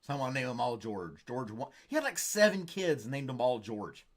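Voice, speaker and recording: A man hosts a casual live stream and chats with viewers. He rambles from joke to joke in a relaxed, offhand way. His voice sits at an ordinary mid pitch. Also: brisk. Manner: rambling, jokey, reads viewer comments. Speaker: host.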